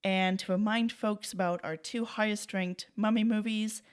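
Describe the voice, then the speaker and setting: A woman's voice: medium pitch, fairly even intonation, normal speed, clean tone. A woman co-hosting a podcast in casual chat, wry and joking as she steers the talk. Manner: wry, joking, runs the segment. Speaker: podcast co-host.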